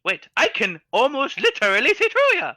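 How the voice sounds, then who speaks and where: A man puts on a tiny, tipsy gnome who babbles away cheerfully in a squeaky, very high voice. The sound is bright and dry, with no room around it. It is tabletop game role-play. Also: wildly swooping pitch, moderate pace, no echo, full character voice. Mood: chatty. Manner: chatty, jovial, squeaky high voice.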